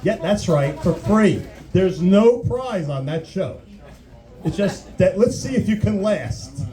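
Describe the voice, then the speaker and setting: A man's voice: high-pitched, lively intonation, slow, warm tone, low-quality recording. A man doing a crude, rambling stand-up comedy routine, often restarting his sentences. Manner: rambling, crude, self-interrupting.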